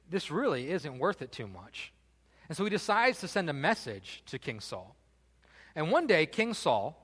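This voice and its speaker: A man preaching a sermon, telling the story in an animated, casual way with joking asides. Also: fairly high pitch, big-room sound. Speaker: pastor.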